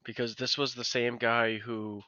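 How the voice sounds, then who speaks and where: A man chatting on a podcast, his voice bright and forward, heard close and dry. He tells his stories with animated energy and curses casually. The sound is a little dull and lo-fi. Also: mid-range voice, measured pace, dry recording. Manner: animated storytelling, swearing freely. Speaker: podcast co-host. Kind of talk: casual chat.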